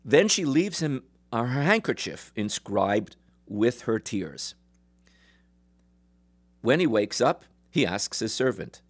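A man's voice: medium pitch, big pitch swings, slightly rough. Man retelling a folk tale in a lecture. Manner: measured retelling with fillers and restarts. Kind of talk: storytelling lecture.

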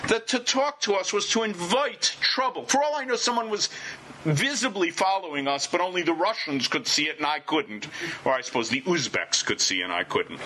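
A man telling a personal travel anecdote to listeners in an animated, wry, self-deprecating way. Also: a little high, a little hiss or hum. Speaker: storyteller.

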